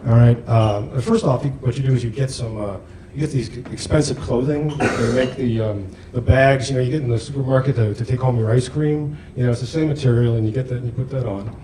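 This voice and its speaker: A middle-aged man does stand-up at a comedy club, speaking into a handheld mic. He talks haltingly and self-deprecatingly, with lots of fillers. His voice echoes through the room over clear room noise. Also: medium pitch. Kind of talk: stand-up routine.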